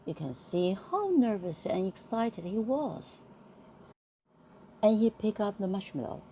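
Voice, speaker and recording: A woman reading a bedtime story aloud to a friend, slow and expressive. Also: mid-range voice, a little hiss or hum.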